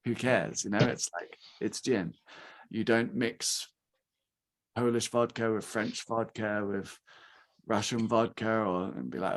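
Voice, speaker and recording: A man's voice: lowish voice, unhurried. A man in his thirties from England, talking casually at a rum tasting and acting out quoted reactions. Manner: chatty, animated, acts out quoted reactions. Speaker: guest speaker from a rum company.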